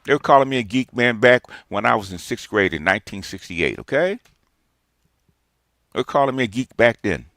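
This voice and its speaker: A man in his sixties rants in a streamer's response monologue. He lectures emphatically, hammering the same points again and again. The sound is dry and close, with mid-range pitch for a man. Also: expressive, brisk, fairly bright tone, no echo. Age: 60s. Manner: emphatic, lecturing, repeats himself.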